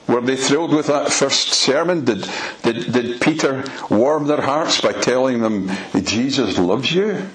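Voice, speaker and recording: A man's voice: medium pitch, a little slow, few pauses, fairly bright tone, low-quality recording. A man preaching a sermon, emphatic and driving his points home with pointed rhetorical questions.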